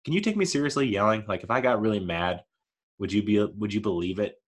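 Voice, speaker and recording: A man's voice: on the low side, fast talker. A man in his thirties talking casually on his own show, rambling and laughing at himself, mild-mannered and never raising his voice. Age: 30s. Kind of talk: casual solo monologue.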